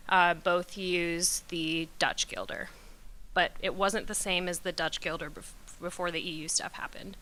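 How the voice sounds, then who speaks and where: A young woman from Curaçao gives a relaxed slide presentation, chatty and self-deprecating, with plenty of ums and side remarks. Her voice is bright and smooth, with a clean, clear tone. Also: medium pitch. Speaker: presenter at a company talk.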